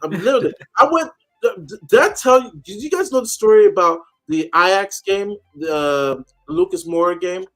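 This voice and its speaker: A man's voice: high voice, animated, moderate pace, fairly bright tone. A man chatting casually on a call-in show, telling a story animatedly and acting out the people he quotes. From United States.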